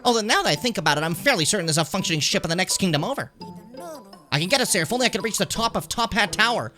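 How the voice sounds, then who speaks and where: A man's voice: sits high, animated, racing, pushed and bright, faint music behind, voice pushed up. A man reading out the lines of a polite, earnest young male hat spirit in a formal, storybook way.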